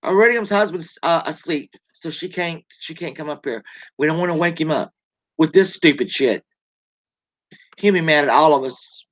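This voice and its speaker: A woman's voice: low-pitched, moderate pace. A woman hosting a casual gossip livestream, rambling and greeting viewers as she tells the story. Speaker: show host. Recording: lo-fi dull sound.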